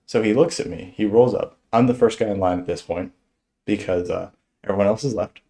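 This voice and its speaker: A young man telling a stand-up story in an animated way, chuckling as he goes. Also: fairly low pitch, a little fast, vocal fry. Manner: animated, chuckles through his own story. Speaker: stand-up comedian.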